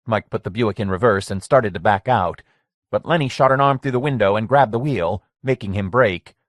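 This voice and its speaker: A man narrating a horror story audiobook in a measured, steady way. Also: lowish voice, no room sound, clean studio sound. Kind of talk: scripted narration.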